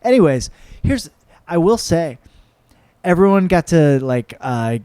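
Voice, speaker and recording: Young male comic host, mellow tone, dry close sound, loose profane rambling. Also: a little high, sing-song, measured pace, smooth, no echo. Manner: rambling, profane, self-mocking. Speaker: podcast host and comedian. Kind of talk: casual solo podcast chat.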